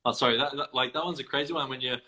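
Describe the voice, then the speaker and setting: A man's voice: mid-range voice, very fast, pushed and bright. A man chiming in during a casual chat between tattoo artists, swearing as he talks.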